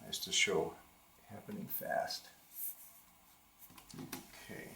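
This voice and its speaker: Speaking in a fairly low, a little mellow voice with fairly even intonation, this older art instructor keeps a measured pace broken by long pauses. He is painting a live watercolor demo in a studio with a live model, voicing his thoughts and frequently abandoning and restarting sentences.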